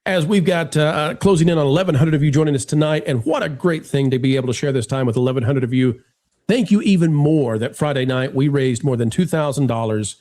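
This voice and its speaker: A man hosting a live stream in casual chat, animated and joking as he talks straight to his viewers. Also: on the high side. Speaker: livestream host.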